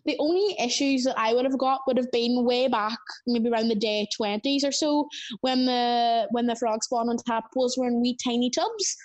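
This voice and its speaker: A woman's voice: fairly high pitch, moderate pace. A young woman with a Northern Irish accent, chatting enthusiastically as an interview guest. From Northern Ireland. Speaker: interview guest, frog-raising creator. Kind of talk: casual interview answers.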